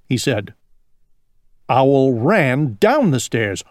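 A woman, whose first language is Chinese, reading an English picture book aloud to children in a slow, expressive way. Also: extremely low pitch, no room sound, studio quality.

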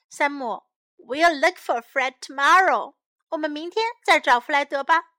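A woman reading a children's story aloud, giving each English line and then its translation, with lively voices for the characters, and later repeating English phrases slowly for young learners. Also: sits high, no room sound.

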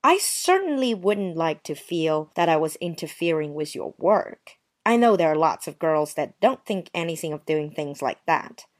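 A woman's voice: low-pitched, very animated, normal speed, hardly any pauses. A woman voicing a touchy, prim young woman who answers with sarcastic, wounded politeness in a dramatized story. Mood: offended. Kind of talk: dramatized short story reading.

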